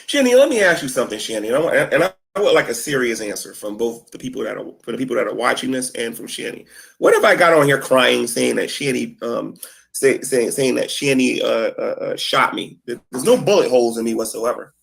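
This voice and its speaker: A man in a played video clip, talking straight at a rival in a confrontational monologue, halting and repeating words. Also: medium pitch, expressive, creaky, a bit bright. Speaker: video maker addressing a rival.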